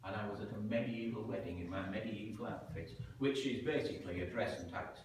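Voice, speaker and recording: A man telling a story live, dramatic and animated, acting out the voices he quotes. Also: fairly low pitch, brisk, a little hiss or hum. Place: large museum hall. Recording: echoey hall, heard from a distance.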